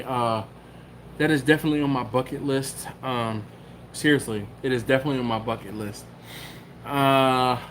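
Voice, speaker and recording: Telling a story in casual talk on his live stream, a Philadelphia-area YouTube host uses a medium-pitched voice and acts out the quotes and cat noises with animated flair. A little hiss or hum runs under the audio.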